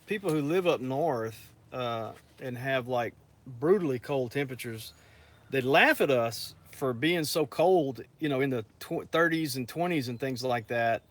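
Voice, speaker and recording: A man's voice: mid-range voice, unhurried. Easygoing man chatting with viewers. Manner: easygoing, chats with viewers, laughs often. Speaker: farm co-host reading live comments. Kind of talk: casual chat.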